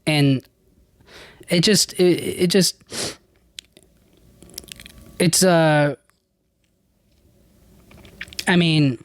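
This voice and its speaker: Speaking very slowly in a higher voice with fairly even intonation, a man chats casually on his solo podcast. He rambles through a list, restarting often and using slang, in a dry recording.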